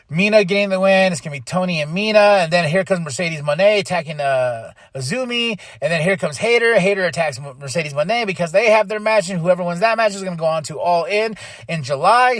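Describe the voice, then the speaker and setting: A man hosting a podcast, recapping wrestling in casual talk and acting out quoted lines in quick mock voices. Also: a little high, animated, no echo, clean studio sound. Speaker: podcast host.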